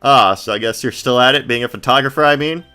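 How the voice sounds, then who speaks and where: Guy reading a flustered young lawyer, stammery, bright voice. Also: mid-range voice, fast, soft background music, voice pushed up, close to an everyday voice. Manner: hesitant, stammering.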